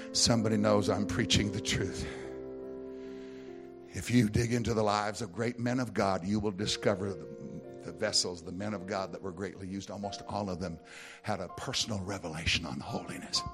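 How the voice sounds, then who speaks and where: An American middle-aged man preaching a sermon, telling folksy stories and rising into loud, emphatic preaching. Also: low-pitched, a little fast. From United States. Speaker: pastor. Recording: music playing behind.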